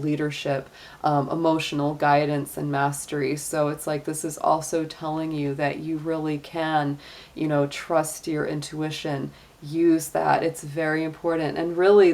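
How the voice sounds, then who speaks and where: A middle-aged woman gives a casual tarot reading to camera, chatty and encouraging, filling her talk with "um" and "you know". Her voice sits low for a woman and has a gravelly, fry-edged texture. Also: darkish tone. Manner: chatty and encouraging, many fillers. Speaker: tarot and astrology reader.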